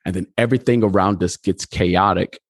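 A pastor with a low voice talks fairly quickly in a clean studio recording with no room sound. He tells his story in a conversational interview, an animated storyteller who acts out the dialogue as he goes.

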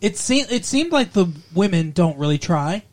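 A man's voice: high-pitched, very animated, moderate pace. A man co-hosting a podcast, chatting casually about a TV show with jokes and some swearing. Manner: joking, wisecracking, swears. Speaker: podcast co-host. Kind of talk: casual chat reviewing a TV show.

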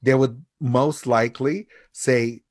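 A man speaking as an expert guest in a relaxed conversation from home, measured and thoughtful, often chuckling. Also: mid-range voice, no echo, studio quality. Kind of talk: casual conversation.

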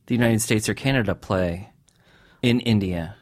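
A man's voice: on the low side, moderate pace, darkish tone. A man interviewing a guest, curious and engaged, giving short acknowledgments as he listens and asking follow-up questions. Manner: curious, brief backchannels, laughs along. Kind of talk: casual interview conversation.

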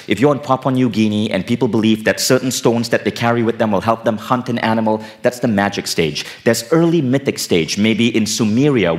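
Guy with a lowish voice doing a personal growth keynote, emphatic and casual, swears now and then. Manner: emphatic, casual, sometimes profane. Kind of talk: stage keynote talk.

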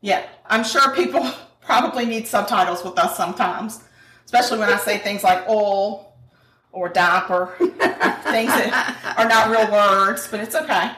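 Bright, chatty woman. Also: medium pitch, unhurried. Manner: chatty, laughs often, folksy words. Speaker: cooking show host. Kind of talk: casual kitchen chat. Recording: echoey room, mic at a distance.

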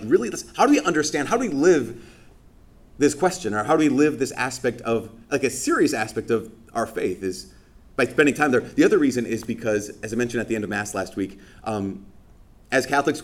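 Speaking in a mid-range voice, a priest gives a conversational sermon during Mass. His delivery is casual and full of fillers, and he mimics people's reactions.

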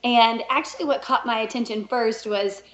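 A woman co-hosting a talk show, telling a story in a casual, animated way and laughing often. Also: fairly high pitch, moderate pace. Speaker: podcast co-host and race director. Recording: echoey room, dull lo-fi sound.

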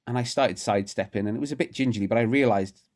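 A man telling rapid, animated anecdotes as a podcast guest, often restarting his sentences. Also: lowish voice. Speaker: guest, rugby writer. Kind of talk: casual storytelling interview.

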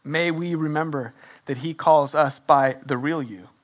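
Pastor guy with a pretty high voice, preaching and praying, really animated, does little voices for the quotes. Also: a little slow. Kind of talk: sermon with prayer.

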